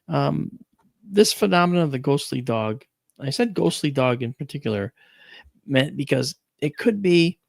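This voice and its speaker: The recording has no room sound, capturing a man's slightly high, gravelly voice. As a podcast host on a talk stream, he casually tells a family story with lots of animation, acting out quoted voices as he goes.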